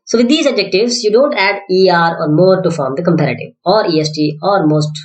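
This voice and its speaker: A woman's voice: on the low side, brisk. A woman teaching English grammar, drilling word lists in a sing-song rise and fall and correcting herself as she goes. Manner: self-correcting, thinks aloud. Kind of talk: explanatory grammar lesson. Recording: echoey room.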